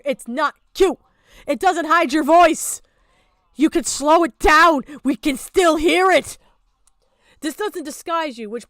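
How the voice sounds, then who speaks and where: A woman's voice: high-pitched, a bit bright, no echo, studio quality. A woman streamer giving a ranting reaction commentary, exasperated, sarcastic and full of swearing.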